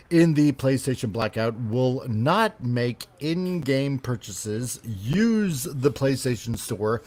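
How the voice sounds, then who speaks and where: A man hosting a casual podcast, reading gaming news with rambling, self-correcting sarcastic asides. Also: mid-range voice. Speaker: podcast host.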